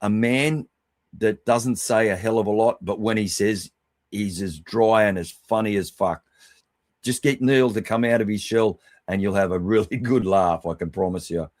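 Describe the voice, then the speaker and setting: Lower-voiced man giving matey shout-outs. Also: no echo. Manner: matey and affectionate, swears freely. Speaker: livestream host. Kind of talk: casual livestream shout-outs.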